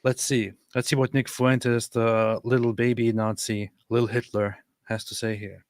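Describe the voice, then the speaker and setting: A man in a middle pitch hosts a reaction stream with a sarcastic, mocking edge, chuckling as he talks. His voice sounds close and dry, with no room around it. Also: level tone, unhurried, dry recording. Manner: sarcastic, mocking, laughs through remarks. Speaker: commentary stream host. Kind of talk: casual reaction commentary.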